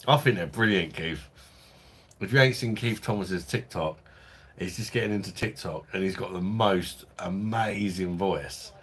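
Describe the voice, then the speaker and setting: A man's voice: low-pitched, unhurried, fairly bright tone, slightly rough. A man hosting a casual live stream from home, chatting and joking with viewers and laughing often in a loose, rambling way. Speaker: live-stream host reading viewer chat.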